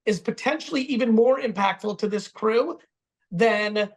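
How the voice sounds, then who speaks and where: A man's voice: high-pitched, normal speed. A man telling a business story with emphatic, profane energy over a video call. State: getting stitches while talking. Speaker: guest speaker answering questions.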